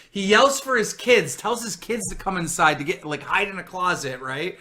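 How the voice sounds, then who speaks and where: A brash man with a fairly high, bright voice hosts a casual online chat. He boasts through his story and keeps checking in with "right?" and "okay?". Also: big pitch swings, a little slow, few pauses. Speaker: host.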